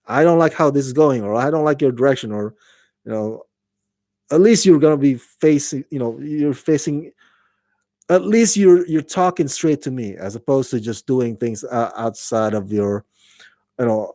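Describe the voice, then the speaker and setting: A man's voice: medium pitch, mellow, dry recording. Man reviewing TV in a dry room. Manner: halting, many fillers and restarts; acts out quoted lines in a raised voice. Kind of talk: casual spoken review.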